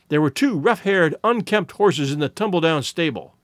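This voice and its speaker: A man narrating a story in an expressive audiobook reading. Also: a little high, normal speed, hardly any pauses, dry recording, studio quality.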